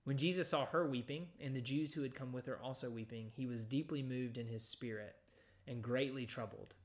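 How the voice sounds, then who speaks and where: Male pastor, mid-range voice, relaxed teaching sermon with frequent ums, reads verses aloud. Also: medium pitch, fairly quick. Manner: conversational teaching with frequent fillers, reading scripture aloud.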